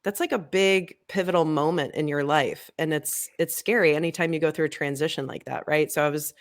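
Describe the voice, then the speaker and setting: A woman's voice: low-pitched, fairly even intonation, fairly quick. A woman guest on a podcast, chatting casually and acting out past conversations as she tells her story. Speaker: podcast guest, marketing agency owner. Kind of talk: casual interview chat.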